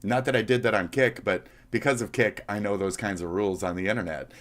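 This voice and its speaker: A man's voice: on the low side, steady tone, fast talker. A man from Minnesota, live-streaming and reacting to clips, talking in a blunt, profane way. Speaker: livestreamer.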